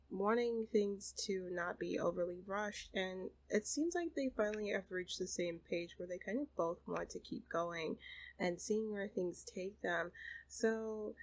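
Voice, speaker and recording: Her mid-range voice comes through poor audio as she hosts and narrates a story from a life-simulation game. She keeps things chatty and casual, leaning on fillers such as "kinda" and "you know."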